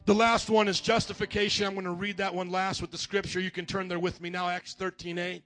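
A man preaching a sermon in church, animated and acting out quoted voices, shouting at times. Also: high-pitched, a little fast.

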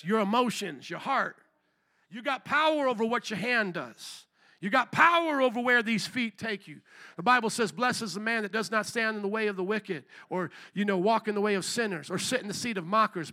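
A middle-aged male pastor preaching an animated sermon with call-and-response asides and bursts of shouting. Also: high voice.

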